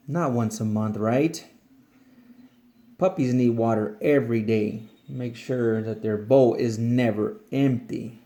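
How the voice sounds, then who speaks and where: A man reading a picture book aloud to children and explaining it in a gentle, patient way. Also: mid-range voice, takes it slowly. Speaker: storyteller for children.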